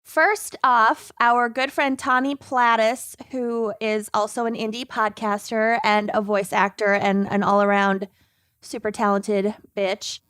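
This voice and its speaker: A higher-pitched woman co-hosting a podcast, talking slowly and unhurriedly while she jokes and giggles through friendly banter. She is recorded remotely over a video call with a dry, close sound and no room echo. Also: little pitch movement, fairly bright tone, clear, resonant tone. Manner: giggly, bantering, reads ad intros. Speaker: podcast co-host. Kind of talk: casual chat.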